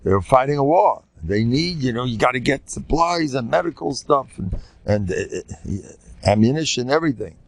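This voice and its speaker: A man's voice: medium pitch, animated, moderate pace. An older man, a rabbi, teaching an informal class and telling rambling stories, often laughing and restarting his sentences. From United States. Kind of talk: informal Torah talk with anecdotes.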